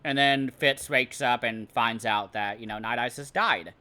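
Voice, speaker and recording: A man's voice: mid-range voice, unhurried, sharp tone, clear, resonant tone. A man giving a casual, rambling spoken book review, often hesitating and restarting his sentences. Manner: hesitant, rambling, many restarts and "I don't know".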